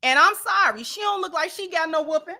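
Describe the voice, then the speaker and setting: A woman hosts a casual commentary show and addresses her viewers directly. She is animated and emphatic and leans on slang. Her voice is very high and bright, with a sharp edge. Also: a little fast. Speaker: commentary channel host.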